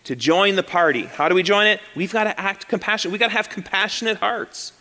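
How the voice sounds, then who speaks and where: A man's voice: high voice, fast talker, sharp tone, in a large hall. A male pastor preaching a sermon to his congregation, repeating key phrases and asking rhetorical questions. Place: church sanctuary.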